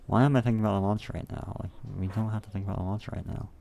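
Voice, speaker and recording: Gravelly young man rambling as he builds. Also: on the low side, steady tone, rapid-fire, warm tone. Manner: rambling, profane, self-talking. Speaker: game level builder. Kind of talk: casual thinking aloud while working.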